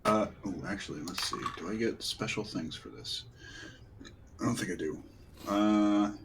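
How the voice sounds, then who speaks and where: A man with a very low voice plays in a tabletop game. He talks in an easygoing way and checks his character's abilities aloud, with a faint hiss of background noise. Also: normal speed. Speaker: player. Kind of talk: casual tabletop game chat.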